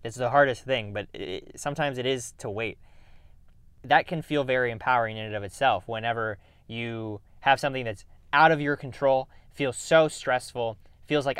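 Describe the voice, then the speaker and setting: A man talks through stress advice in an earnest, reflective podcast manner, often restarting and sighing between thoughts. His voice sounds smooth and resonant, set at a middle pitch. The sound is dry and close, with no room around it. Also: normal speed, a bit bright, no room sound. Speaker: podcast host. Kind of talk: casual self-help talk.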